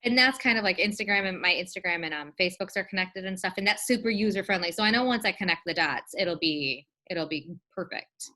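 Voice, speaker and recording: A woman's voice: on the low side, expressive, fairly quick, hardly any pauses, pushed and bright. A middle-aged woman co-hosting a casual podcast chat, talkative, laughing often and acting out quotes. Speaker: podcast co-host.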